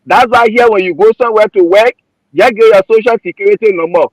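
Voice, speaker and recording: A man's voice: sits high, quick pace, no echo, poor audio. A man with a Liberian accent giving passionate, emotional political commentary, repeating himself as he argues. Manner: emotional, repetitive, heated.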